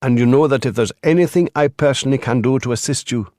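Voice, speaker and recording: A man narrating an audiobook voices an earnest, principled lawyer who speaks in a measured way. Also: medium pitch, a little mellow, dry recording, clean studio sound, pitched above the performer's own voice, close to an everyday voice.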